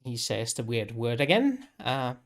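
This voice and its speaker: A man narrating as game master, slow and hesitant, with many pauses and fillers. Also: medium pitch, sing-song, gravelly.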